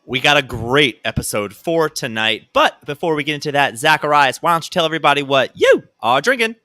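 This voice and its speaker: A man's voice: on the high side, expressive, brisk, pushed and bright, dry recording, studio quality. A man hosting a casual comedy podcast, bantering with his co-host and hyping the show with announcer-style intros.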